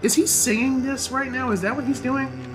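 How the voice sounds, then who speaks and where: A young man casually commenting on his own gameplay, chatty and excitable, swearing freely and reacting loudly to what happens on screen. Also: very high voice, moderate pace, gravelly, music in the background. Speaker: gaming channel host.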